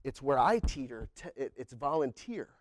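A man preaching a sermon in church, colloquial and animated, his voice climbing toward near-shouts when he acts out prayers. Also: medium pitch, normal speed, no echo, clean studio sound. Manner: colloquial, says y'all and man. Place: church sanctuary.

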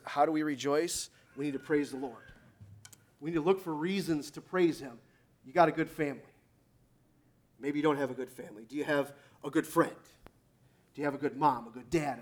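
A man preaching a sermon to a congregation, reading scripture and telling stories with emphatic exhortation. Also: on the high side. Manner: emphatic, rising to loud exhortation.

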